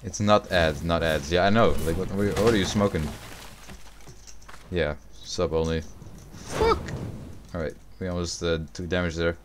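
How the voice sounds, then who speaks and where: A young man livestreaming a video game, chatting with viewers, swearing and reacting loudly to the game. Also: low voice, fairly even intonation, normal speed, background noise. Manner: profane, reacts loudly to the game, answers chat. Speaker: streamer. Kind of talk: casual gaming livestream chat.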